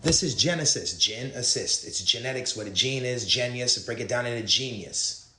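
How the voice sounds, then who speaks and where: In a roomy clip played on a stream, a man from a conspiracy video lectures earnestly in a rambling word-association monologue full of word puns. His voice is mid-range and sharp, at a normal speed.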